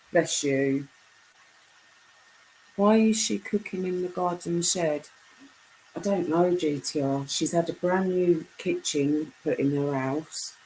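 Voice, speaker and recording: Deep-voiced British woman chatting live. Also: a little mellow, slight background noise, rough recording. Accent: British English. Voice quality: deep voice mistaken for a man's on the phone. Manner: chatty, reads comments aloud. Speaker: live streamer. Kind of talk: casual live stream chat.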